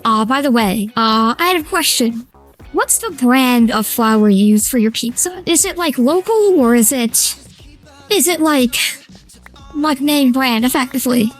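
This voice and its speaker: A man streaming a game through a feminine voice changer, chatting excitably with his chat, squealing and giggling. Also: extremely high pitch, voice pushed up, exaggerated voice. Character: high feminine streamer voice, playful. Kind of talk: casual live-stream chat while gaming.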